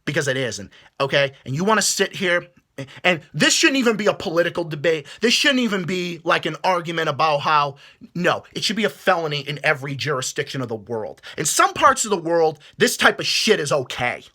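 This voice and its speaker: A man's voice: on the high side, very animated, fairly quick, bright, forceful tone. A man delivering a heated, profane rant to camera, stumbling over his words as he restarts sentences. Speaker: vlogger. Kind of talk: angry rant.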